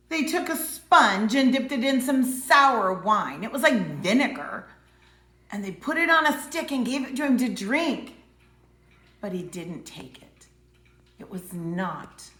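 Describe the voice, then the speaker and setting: A woman teaching preschoolers, telling a Bible story with dramatic voices and hushed moments. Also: medium pitch, big pitch swings, slow, long pauses, roomy sound. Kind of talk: Bible story lesson for young children.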